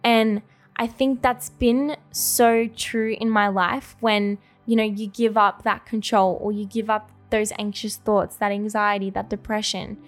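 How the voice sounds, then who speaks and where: A woman's voice: mid-range voice, little pitch movement, measured pace, faint music behind. A young woman, co-hosting a casual faith podcast, talking earnestly and heartfelt with lots of "like" and "you know". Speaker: podcast co-host.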